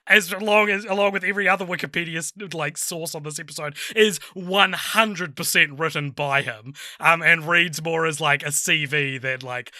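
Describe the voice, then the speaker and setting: A man co-hosting a casual film review podcast, animated and mocking, laughing often. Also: a little high, normal speed, hardly any pauses, dry recording, studio quality. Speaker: podcast co-host.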